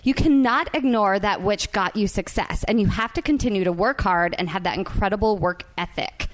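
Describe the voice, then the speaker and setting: A woman's voice: mid-range voice, moderate pace. A young woman hosting a podcast in casual chat, bubbly and giggly with a loose, playful way of talking. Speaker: podcast host.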